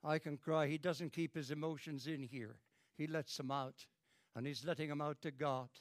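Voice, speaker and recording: Here an older British preacher speaks at normal speed with a steady tone, his sermon fervent and repetitive, swelling into dramatic rises of pitch and loudness. No echo; clean studio sound.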